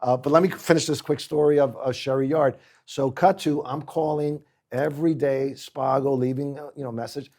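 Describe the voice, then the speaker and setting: A man's voice: medium pitch, normal speed, hardly any pauses. A man from Puerto Rico, a guest chef telling stories casually and acting out the people in them. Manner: animated, acts out the people in his stories. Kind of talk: casual storytelling on a podcast.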